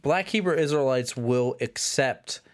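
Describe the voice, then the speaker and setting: A man, co-hosting a podcast and telling a long, rambling anecdote in casual chat, acting out the shouting of people in his story. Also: mid-range voice, a little slow. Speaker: podcast co-host.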